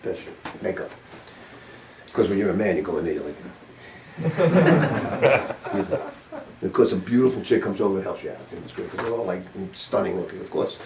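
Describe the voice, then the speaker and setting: A gravelly, dark, low-pitched voice speaks fast as an older man teaches a saxophone master class, blunt, informal, quizzing students and casually swearing. It's in a music studio, recorded roomy from a distant mic with a little hiss or hum.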